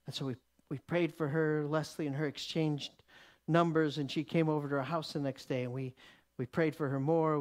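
A man preaching, telling a story in an animated way, laughing often and repeating words as he goes. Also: fairly high pitch. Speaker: preacher teaching. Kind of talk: sermon storytelling.

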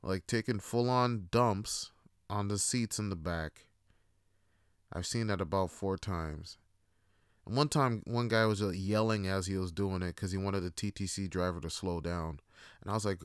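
A man's voice: low-pitched, normal speed, clear, resonant tone, no echo, studio quality. A young man telling profane, laughing stories in a casual monologue, acting out other people's lines. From Toronto, Canada. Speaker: podcast host.

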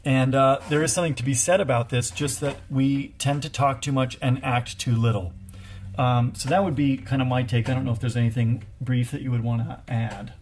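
A man in his thirties talks through parenting advice in a casual co-hosted chat. His delivery is earnest and thoughtful, often pausing and restarting his sentences as he works toward his point. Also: medium pitch, fairly even intonation, darkish tone, a little hiss or hum. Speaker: co-host, parent.

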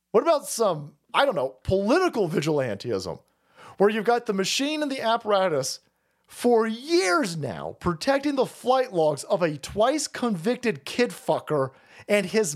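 Profane ranting man, wildly swinging pitch. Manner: loud, swearing, laughing, swings from shouts to mutters. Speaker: livestream host. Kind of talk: profane political rant.

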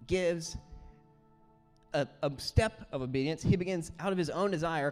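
A man preaching a sermon as pastor, telling stories in an earnest, animated way. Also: on the high side. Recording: roomy hall with faint music.

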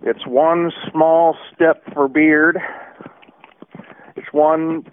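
A man doing a solemn astronaut proclamation, slow and grand, through a tinny radio filter. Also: fairly high pitch, little pitch movement, smooth, pitched above the performer's own voice.

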